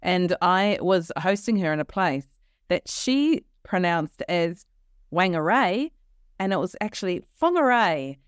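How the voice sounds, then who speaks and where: A woman's voice: fairly low pitch, measured pace, clean tone, no room sound, studio quality. A woman from New Zealand with a New Zealand accent, co-hosting a podcast in casual chat and laughing often. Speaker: podcast co-host.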